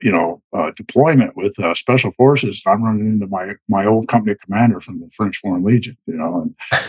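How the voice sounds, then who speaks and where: A man in his fifties, a retired soldier, telling war stories casually in a halting way, with many restarts. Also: lowish voice, slightly rough, dry recording, poor audio. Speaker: guest, retired Army Green Beret. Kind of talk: casual storytelling.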